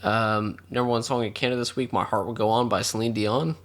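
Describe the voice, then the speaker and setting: Male co-host, relaxed conversational delivery, dry humor. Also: on the low side, fairly quick. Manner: laid-back, reads notes with dry asides. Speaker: podcast co-host. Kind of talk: casual film podcast chat.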